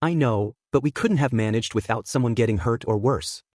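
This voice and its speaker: A man voicing a caring teenage girl hero in a soft, higher reading. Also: a little fast, no room sound, studio quality, lightly acted. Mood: tender.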